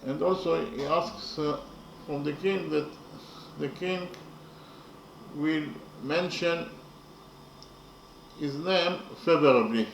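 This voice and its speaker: A man teaching poetry in a slow, methodical lecture, counting syllables carefully and pausing often with fillers. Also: a little high, vocal fry, roomy sound, a little hiss or hum, poor audio.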